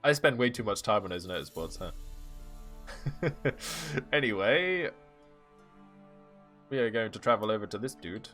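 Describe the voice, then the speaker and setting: A man's voice: fairly low pitch, expressive, measured pace, pauses often, a bit bright, faint music behind. A man streaming a video game, joking and teasing through playful commentary. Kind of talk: gameplay commentary.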